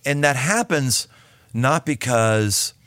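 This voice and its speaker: A man's voice: medium pitch, expressive, takes it slowly, a bit bright, no echo. A man in his fifties, a podcast host talking as the guest, speaking emphatically and often repeating and restarting his words. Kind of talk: casual podcast conversation.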